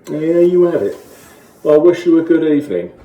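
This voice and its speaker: A man's voice: a little high, animated, normal speed, echoey room, phone-quality sound, slight background noise, voice pushed up, natural voice. A man voicing a chatty male carp with a Cockney East London accent, rambling through a comic monologue to camera. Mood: matey. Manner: rambling, matey storyteller.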